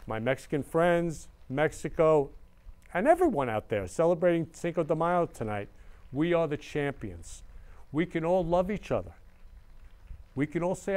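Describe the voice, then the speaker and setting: Male host with a slightly high voice, gushing and emotional, casual delivery. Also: dark tone. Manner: effusive and emotional, repeating words of love. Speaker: show host. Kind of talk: casual livestream talk.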